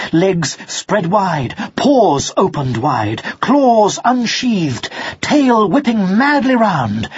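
A narrator reading a children's storybook aloud in a slow, expressive way, on a dull lo-fi recording. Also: medium pitch, breathy edge. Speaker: audiobook narrator.

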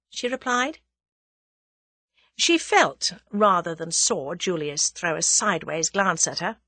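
A woman's voice: on the low side, animated, a little slow, bright, forceful tone, no echo. A woman reading a novel aloud as an audiobook narrator, telling the story expressively. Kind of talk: scripted narration.

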